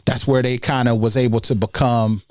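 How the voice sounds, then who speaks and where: A man, talking in a relaxed, casual way as a guest on a podcast interview. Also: mid-range voice, brisk, no echo, clean studio sound. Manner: relaxed, conversational, many fillers. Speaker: guest, education researcher.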